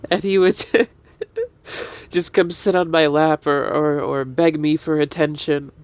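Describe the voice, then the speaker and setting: A man telling a personal story, laughing often and halting to repeat himself. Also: on the high side, fairly even intonation, clean tone. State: breathless and dizzy.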